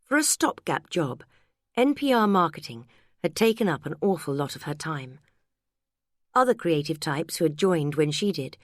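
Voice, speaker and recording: A woman reads a novel aloud in a measured, even narration. Her voice is low and steady. The sound is dry and close, as from a studio mic. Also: no echo. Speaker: audiobook narrator. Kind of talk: scripted narration.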